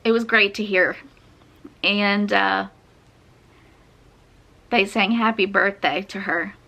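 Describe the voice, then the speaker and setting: A young woman vlogger casually recounts her birth story with many fillers and frequent laughs. She speaks slowly in a mid-range voice that is pushed and bright, with vocal fry and fairly even intonation.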